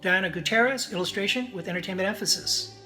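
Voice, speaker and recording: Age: adult. Sex: man. Role: faculty member addressing graduates. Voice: high and bright. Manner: formal, steady, reading names. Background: soft music. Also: quick pace. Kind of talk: recorded commencement address.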